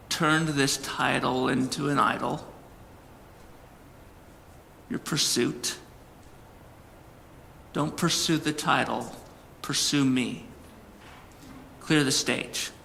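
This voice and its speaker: A man voicing the quiet, firm, insistent voice of God in a spoken story. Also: medium pitch, steady tone, extremely slow, creaky, long pauses, in a large hall, a little hiss or hum, heavily acted. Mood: hushed. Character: hushed divine voice of God, calm and firm.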